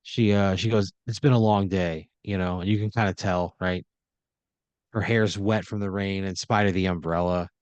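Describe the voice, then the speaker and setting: Low-voiced man rambling through a story. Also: steady tone, moderate pace, smooth, dry recording, lo-fi sound. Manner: rambling, filler-heavy storytelling. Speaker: improv storyteller. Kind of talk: improvised comedy narration.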